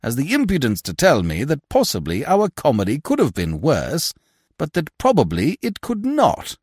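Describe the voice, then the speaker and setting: A man voicing a pompous, blustering older male manager of a theatre troupe, loud and indignant. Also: a little high, huge pitch swings, moderate pace, slightly rough, dry recording, clean studio sound, voice pushed up, exaggerated voice. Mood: mocking.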